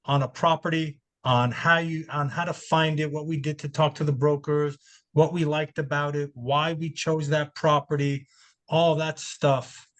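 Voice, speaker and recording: A man's voice: a little high, level tone, measured pace, fairly bright tone. Man hosting a casual webinar. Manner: loose, repeats words while talking. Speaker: webinar host. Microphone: video call.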